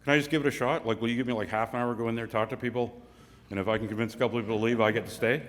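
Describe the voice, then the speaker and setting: A man's voice: medium pitch, fairly even intonation, very fast, lightly acted. A man voicing a wheedling, persuasive male stock promoter in a joke, in an echoey hall. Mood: pleading. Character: pleading, fast-talking male stock promoter.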